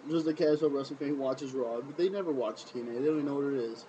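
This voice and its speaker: A man giving a casual solo wrestling review, animated and repetitive, full of sarcastic rhetorical questions. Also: mid-range voice, fast, a little hiss or hum, poor audio.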